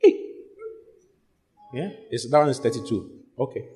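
A man preaching a sermon, reading scripture slowly and repeating key lines for emphasis. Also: mid-range voice, expressive, warm tone. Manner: reads verses slowly and deliberately.

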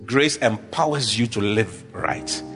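A man's voice: lowish voice, slow pace, over music. A man preaching a sermon with emphatic, repetitive declarations, leading the congregation in call-and-response.

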